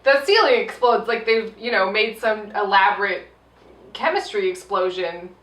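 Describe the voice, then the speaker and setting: A woman reviewing a film in loose, chatty conversation, bright and sharp-toned and full of energy. She keeps breaking into mocking voices of the characters. The sound is roomy and picked up from a little way off the mic. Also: medium pitch, moderate pace, distant mic, slight background noise. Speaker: podcast co-host. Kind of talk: casual movie-review chat.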